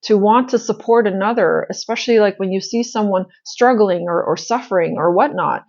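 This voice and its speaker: A woman's voice: medium pitch, fairly quick, creaky, darkish tone. Earnest rambling woman, slightly muffled. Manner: earnest, rambling with many fillers and restarts. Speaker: spiritual channel host. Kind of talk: casual storytelling monologue.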